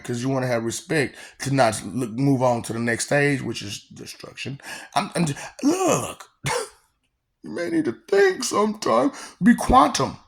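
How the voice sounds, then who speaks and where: A man's voice: mid-range voice, vocal fry. A man giving a rambling, mocking rant to his audience, laughing often between lines and repeating phrases. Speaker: vlogger.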